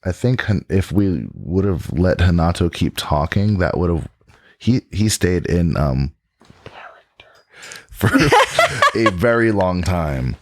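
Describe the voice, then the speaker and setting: A man hosts a podcast with easygoing jokes and banter. His voice is very deep but swings widely in pitch. The studio sound is dry and close. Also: huge pitch swings, slow, no echo. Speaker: podcast host. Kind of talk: casual podcast chat.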